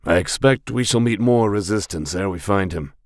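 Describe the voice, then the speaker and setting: A man's voice: lowish voice, moderate pace, no room sound, studio quality, close to an everyday voice. A man voicing a formal, noble male knight who speaks in stately, courtly phrases.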